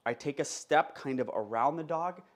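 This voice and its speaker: A man's voice: a little high, moderate pace. A man, a dog trainer, giving an emphatic, unscripted talk and often stopping to check that his listeners follow. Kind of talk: casual instructional monologue.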